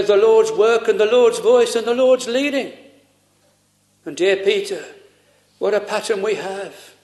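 Solemn, earnest male preacher. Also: sits high. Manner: earnest, solemn, with pauses and quoted scripture. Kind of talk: sermon.

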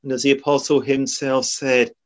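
A man's voice: mid-range voice, little pitch movement, normal speed. A man preaching a sermon in a solemn, earnest way, often quoting old scripture. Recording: dull lo-fi sermon recording.

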